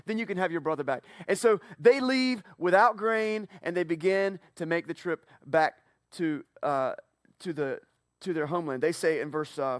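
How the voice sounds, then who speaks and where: A man preaching a casual sermon, retelling a Bible story playfully and acting out the characters in quick asides. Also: fairly high pitch, dry recording, studio quality. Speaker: pastor. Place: church.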